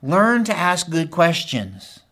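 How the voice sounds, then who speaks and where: A middle-aged man preaching with a voice a little higher than most men's. He talks straight to the men in front of him. He swings from loud, rising calls to quiet, intimate asides. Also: very animated, takes it slowly. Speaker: pastor. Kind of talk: sermon.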